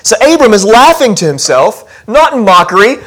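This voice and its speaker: High-voiced chatty male pastor. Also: big pitch swings, normal speed, a bit bright. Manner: chatty, self-deprecating, asks the congregation questions. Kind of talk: conversational sermon. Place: church sanctuary.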